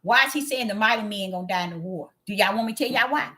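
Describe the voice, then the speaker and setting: A woman preaching an impassioned sermon, calling out to her listeners and swinging from low murmurs to loud cries. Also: quick pace. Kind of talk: fiery street sermon.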